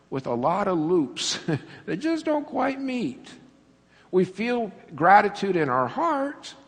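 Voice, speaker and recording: Animated man preaching in a reverberant hall. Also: sits high, slightly rough. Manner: animated, laughing storyteller acting out scenes. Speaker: pastor. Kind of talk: sermon.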